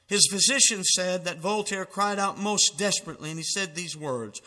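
A man's voice: high voice, moderate pace, hardly any pauses, bright, forceful tone, big-room sound. A man preaching a fervent sermon, reading out dramatic quotations with emphasis.

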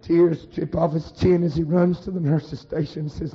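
A man preaching a fervent storytelling sermon, dramatic and swinging from hushed to shouted. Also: a little high, level tone, moderate pace, hardly any pauses, faint music behind. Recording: dull lo-fi recording.

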